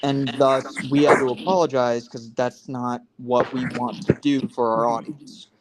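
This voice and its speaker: On a casual live stream over a video call, a man in his twenties talks at a measured pace with a medium-pitched, steady voice. The audio is very noisy. He rambles earnestly, circling back and restarting sentences as he explains himself.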